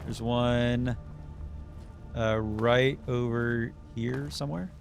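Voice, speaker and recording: A man's voice: medium pitch, slow, gravelly, soft background music. A man casually thinking aloud while live streaming a video game, his throat getting a little sore. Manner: relaxed, muttering and thinking aloud while playing.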